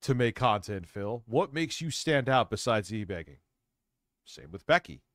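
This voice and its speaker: Low-pitched man, dry close sound, scoffing stream commentator who laughs a lot. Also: big pitch swings, moderate pace, fairly bright tone, dry recording. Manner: mocking, laughs often. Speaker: stream co-host. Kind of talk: casual commentary chat.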